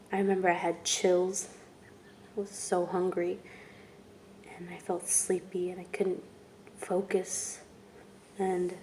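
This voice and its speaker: A young woman telling her own story in a vlog, speaking softly and haltingly, with long pauses and words that trail off into whispers. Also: lowish voice, slight background noise. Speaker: vlogger. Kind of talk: personal testimony vlog.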